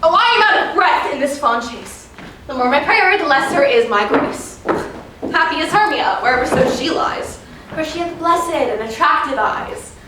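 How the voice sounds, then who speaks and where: A woman's voice: high-pitched, expressive, moderate pace. Woman playing a spurned, lovesick young noblewoman. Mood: distraught. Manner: impassioned stage delivery that swings from pleading to outburst. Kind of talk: live stage acting. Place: theater stage. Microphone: far camera in the audience. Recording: echoey theater from far off, background noise.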